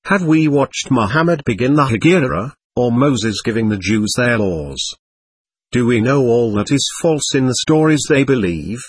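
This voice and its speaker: A man voicing a somber, commanding male alien overseer in an audiobook, with a measured, grave delivery. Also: medium pitch, expressive, breathy edge, dry recording.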